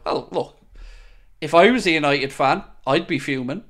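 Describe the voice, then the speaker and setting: A man's voice: fairly high pitch, moderate pace, fairly bright tone. A man hosting a live football watchalong, chatty and upbeat as he reads out viewer messages. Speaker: fan channel host.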